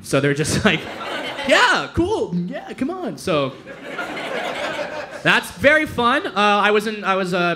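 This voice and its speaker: A young man from Denver hosting a comedy club night, delivering stand-up in a loose, rambling way and now and then jumping into loud mock voices. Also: high voice, background noise. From Denver, Colorado. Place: comedy club stage with audience laughter.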